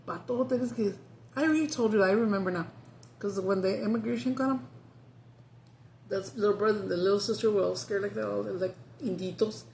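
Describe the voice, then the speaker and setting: Chatty woman vlogger, gravelly mid voice, casual and profane. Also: medium pitch, steady tone, fairly quick, a little mellow, a little hiss or hum. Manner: chatty, swears freely, laughs often. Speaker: mukbang vlogger. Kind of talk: casual chat.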